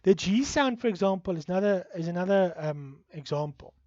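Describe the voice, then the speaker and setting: A man's voice: high-pitched, lively intonation, brisk, a little mellow, no echo, muffled recording. A man with an Afrikaans accent from South Africa, giving a recorded university lecture, hesitant and full of fillers.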